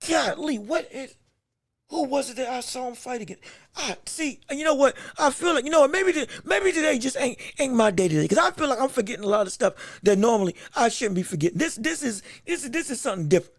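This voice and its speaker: A man hosting a solo podcast, talking in an excitable, rambling way, often repeating words, with a voice that is straining and going hoarse. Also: very high voice, fairly quick, no echo, clean studio sound. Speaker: podcast host.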